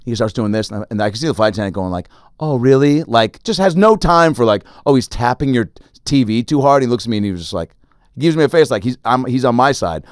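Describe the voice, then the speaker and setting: Brief: male podcast host, quick animated storyteller who acts out voices, dry studio mic. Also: medium pitch, no echo. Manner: animated, acts out other people in his stories. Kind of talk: casual storytelling chat.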